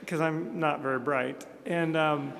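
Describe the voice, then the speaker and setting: A man's voice: on the high side, steady tone, takes it slowly, creaky, a bit bright. A man from Montana in his thirties giving a humorous, self-deprecating keynote speech at a conference. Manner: self-deprecating storyteller, jokey asides. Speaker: speaker at a conference. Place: large conference hall. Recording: echoey hall with long reverb.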